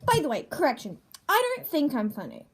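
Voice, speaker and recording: Stilted high-voiced woman reading a roast. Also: wildly swooping pitch, a little fast. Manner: stilted, over-enunciated reading voice. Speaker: younger self in an old video clip. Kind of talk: read-aloud comedy roast.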